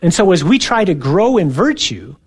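Man, priest, sermon, earnest and conversational, slightly high voice. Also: sing-song, normal speed, husky. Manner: earnest, conversational preaching with soft asides.

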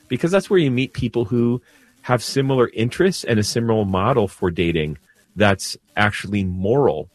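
Radio priest: low-pitched, loose conversational man, dry studio sound. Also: no room sound. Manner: conversational, with frequent restarts. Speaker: Catholic priest hosting a call-in radio show. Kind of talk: call-in advice talk.

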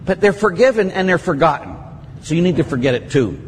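A middle-aged Catholic priest giving a conversational teaching on confession, acting out what penitents say in a lively, plain-spoken way. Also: male voice, high voice, fast, big-room sound, slight background noise.

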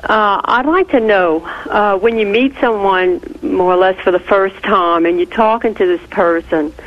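A woman from Louisiana calls in to a talk show. She asks her question hesitantly with many fillers, in a mid-pitched voice. The call sounds dull and muffled. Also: unhurried. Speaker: caller.

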